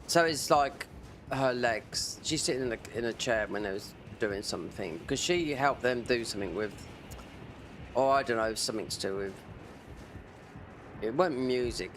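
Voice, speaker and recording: A man's voice: medium pitch, background noise. A man chatting casually while streaming a game, rambling from one tangent to the next. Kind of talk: casual chat while gaming.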